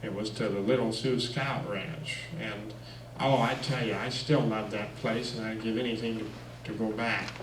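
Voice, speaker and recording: A man spins folksy personal stories at a church, chuckling between lines. He sits at a middle pitch. His voice carries from a distance in a reverberant room, with a faint hum of ambience behind him. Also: moderate pace. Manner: folksy, lively anecdotes with chuckles and fillers. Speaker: guest speaker. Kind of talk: personal storytelling talk. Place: church hall. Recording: echoey room, mic far off.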